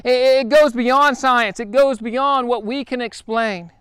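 A man with a very high, smooth voice preaches a sermon. He talks earnestly and conversationally, with frequent restarts. The sound is dry and close. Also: unhurried, fairly bright tone, no room sound. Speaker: pastor.

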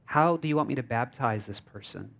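Male pastor, mid-pitched, informal storytelling sermon with fillers, a bit muffled. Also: fairly quick, gravelly. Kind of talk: conversational sermon. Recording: slightly dull lo-fi recording.

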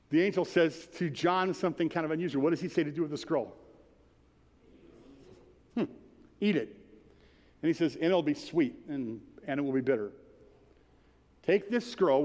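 A man's voice: on the high side, darkish tone. A man preaching a sermon as pastor, building to fervent declarations and calling out hallelujahs. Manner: preaching with rising fervor and repeated hallelujahs. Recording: long hall reverb.

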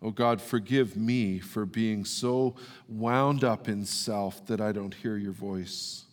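A man pastor preaching and then leading an earnest, halting prayer to his congregation. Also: lowish voice. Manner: earnest, pleading prayer with repeated halting words. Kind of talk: sermon and closing prayer. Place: church sanctuary. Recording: long reverb of a church hall.

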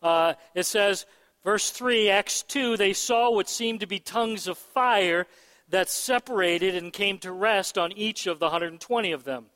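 A man preaching a sermon in a large church hall, his voice high and his delivery slow and deliberate. He keeps asking the congregation whether they follow him. His words ring out with a long reverb. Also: pushed and bright, clear, resonant tone. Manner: emphatic, asks the room for agreement. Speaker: pastor. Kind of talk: sermon answering questions.

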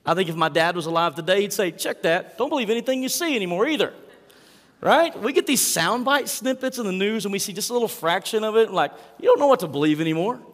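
A man preaching a sermon to his congregation, reading scripture and asking them questions. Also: medium pitch. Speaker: pastor. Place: church sanctuary. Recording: hall reverb.

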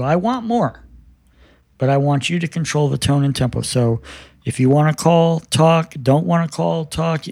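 A man's voice: medium pitch, vocal fry, darkish tone, no echo. Earnest man telling a story, dry close sound. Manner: earnest, quotes dialogue as he tells it. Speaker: guest telling his story. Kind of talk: casual storytelling interview.

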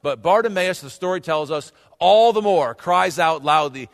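Brief: male pastor, chatty preaching to the congregation, voice slightly higher, long hall reverb. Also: animated, normal speed. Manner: conversational preaching, addresses the congregation directly. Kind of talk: sermon.

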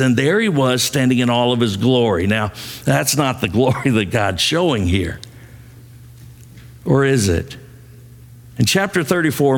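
A man's voice: medium pitch, gravelly, in a large hall. A male pastor preaching a sermon, asking the congregation to repeat lines after him.

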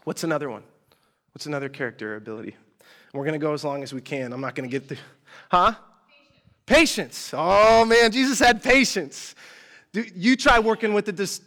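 A man's voice: on the high side, fairly bright tone. A man preaching in a casual storytelling style, chatty and slangy, with asides and mock exasperation. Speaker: preacher teaching a group.

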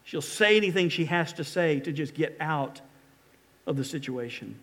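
High-voiced preaching pastor. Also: male voice, animated, normal speed, fairly bright tone. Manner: dramatic, reads scripture aloud with emphatic pleas. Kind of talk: sermon.

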